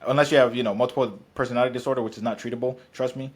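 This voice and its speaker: Fast-talking blunt male fitness coach. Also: medium pitch, steady tone. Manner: blunt, profane, rapid and rambling. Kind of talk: casual podcast chat.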